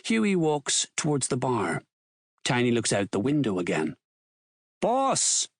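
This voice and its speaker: A man narrating an audiobook thriller with measured, expressive storytelling. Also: mid-range voice, husky, dry recording, clean studio sound. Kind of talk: scripted narration.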